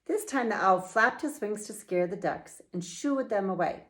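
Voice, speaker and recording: A middle-aged woman and children's author reading her picture book aloud, with slow, playful, expressive storytelling. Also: medium pitch.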